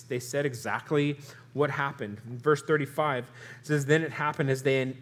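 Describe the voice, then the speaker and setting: A man's voice: fairly high pitch, fairly bright tone. Conversational young male pastor preaching. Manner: conversational, with filler restarts and rhetorical questions. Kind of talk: expository Bible sermon.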